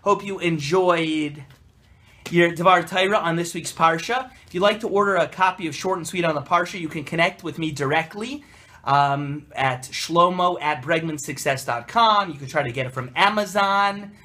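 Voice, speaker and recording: A young man, a rabbi, delivers a short Torah talk from his desk in a notably high, bright voice. He is animated and emphatic throughout, leaning on Hebrew and Yiddish terms as he explains. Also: moderate pace. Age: young adult. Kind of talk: energetic Torah talk to camera.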